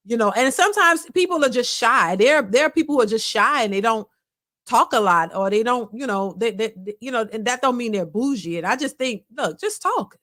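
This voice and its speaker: This reaction-channel host is a woman with a lively voice who riffs casually on a clip. Her manner is opinionated and blunt, with plenty of repetition.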